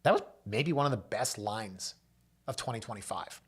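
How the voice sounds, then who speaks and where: In an expressive voice with a breathy edge, this Canadian show host and realtor shares client anecdotes casually at normal speed, mimicking those he quotes with large leaps in pitch.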